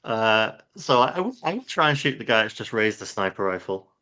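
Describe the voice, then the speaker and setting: A man with a bright, somewhat low voice plays a tabletop game. He talks through his moves and dice rolls one step at a time. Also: sing-song, a little fast. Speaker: player.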